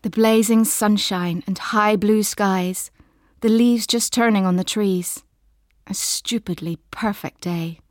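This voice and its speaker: Casting note: woman narrator, mid pitch, slow and intimate literary reading, very dry close sound. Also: steady tone, no echo. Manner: slow, measured, intimate and soft. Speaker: audiobook narrator.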